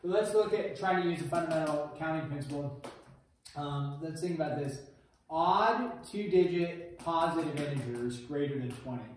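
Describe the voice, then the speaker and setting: A man's voice: a little high, normal speed. Male math teacher, chatty and easygoing, heard from across a reverberant classroom with faint hiss. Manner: chatty, storytelling, laughs easily. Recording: echoey classroom, distant mic.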